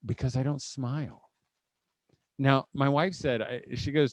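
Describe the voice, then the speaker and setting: A middle-aged man from Indiana speaks to a live audience, at a mid-range pitch, in a dry, close sound. He tells folksy family anecdotes with frequent chuckles and acts the scenes out. The talk is humorous but aimed at teaching parents. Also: normal speed, no room sound. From Indiana, USA. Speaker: conference speaker.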